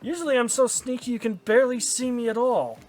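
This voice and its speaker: A man's voice: very high voice, brisk, a little mellow. A man voicing a vain, sneaky male killer who sounds annoyed and self-regarding.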